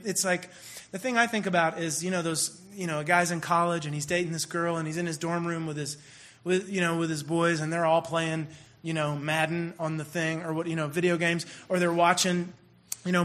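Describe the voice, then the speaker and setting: A young man talks through a comic monologue in a lively, animated way. His voice sits high for a man, and he slips in and out of the characters he describes. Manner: animated, acts out quoted voices. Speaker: speaker. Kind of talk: comedic monologue.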